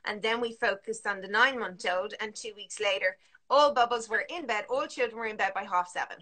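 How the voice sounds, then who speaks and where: A woman working as a sleep consultant talks over a live video call. Her voice is bright and forceful, and she rambles a little, restarting sentences and acting out parents and toddlers as she explains. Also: mid-range voice, a little fast. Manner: chatty, many restarts and fillers, acts out parents and children.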